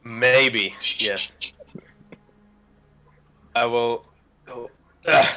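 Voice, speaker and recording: A man playing in a tabletop game, casual and excitable, with animated outbursts. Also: mid-range voice, moderate pace. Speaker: player.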